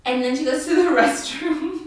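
A woman's voice: sits high, moderate pace, far from the mic. A woman chatting casually with a co-host about a horror film, laughing and filling her talk with likes and ums. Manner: chatty, laughing, many fillers and acted-out quotes. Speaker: podcast co-host. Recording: very echoey room, off mic.

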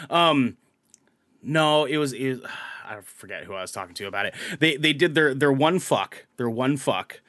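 A man chatting casually about a movie, profane and animated, laughing often and restarting his sentences. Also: mid-range voice, moderate pace, no room sound, clean studio sound. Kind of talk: casual movie review chat.

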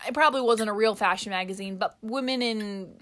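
A woman's voice: mid-range voice, brisk, fairly bright tone. A woman co-hosting a podcast in casual chat, playful and giggly, trying out silly accents. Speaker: podcast co-host.

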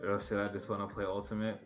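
A man co-hosting a casual gaming chat stream, talking in a laid-back, joking way with swearing. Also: fairly low pitch. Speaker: podcast co-host.

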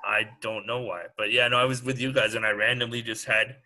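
Man with a bright, forceful voice. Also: medium pitch, little pitch movement, brisk, rough recording. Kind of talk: casual chat.

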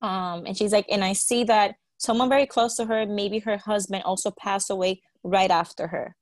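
A woman telling a story in casual chat, animated, quoting others and swearing now and then. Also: mid-range voice, normal speed, no echo.

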